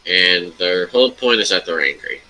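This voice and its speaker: A young man with a very bright, sharp-edged voice tells a rambling story in a casual podcast chat. He swears freely and keeps circling back on himself. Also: low voice, expressive, moderate pace, rough recording. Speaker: podcast guest.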